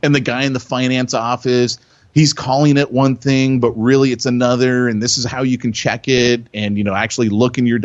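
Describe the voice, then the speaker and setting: A man co-hosting a podcast, telling stories in an excitable way, repeating himself and loudly acting out what people said. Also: medium pitch, dry recording, lo-fi sound. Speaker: podcast co-host. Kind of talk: animated storytelling chat.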